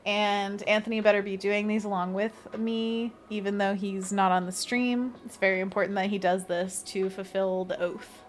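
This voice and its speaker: A woman's voice: medium pitch, flat delivery, moderate pace, hardly any pauses, a little hiss or hum. Giggly chatty woman streaming while drawing. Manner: giggly, chatty, reads chat aloud, talks to herself. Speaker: illustrator hosting a livestream. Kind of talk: casual livestream chat while drawing.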